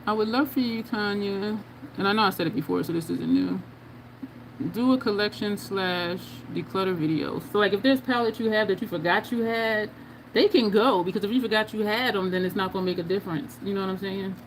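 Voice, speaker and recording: A woman's voice: medium pitch, brisk. Woman doing her makeup on a livestream, chatty, laughs a lot, reads comments out, bit of faint background noise. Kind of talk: casual livestream chat while doing makeup.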